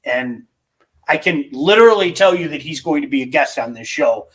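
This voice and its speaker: A man's voice: on the high side, moderate pace, poor audio. Chatty middle-aged male sports podcast host. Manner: excitable, chatty, jumps between topics. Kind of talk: casual sports talk, reading listener picks. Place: home basement studio.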